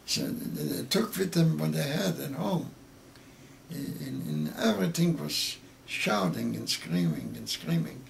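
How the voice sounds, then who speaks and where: Older man, 80s, native Yiddish, gravelly and a bit high, stop-start storytelling, soft room hiss. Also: lively intonation. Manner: halting, repeats words, emotional telling. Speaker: interviewee. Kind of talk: oral history interview.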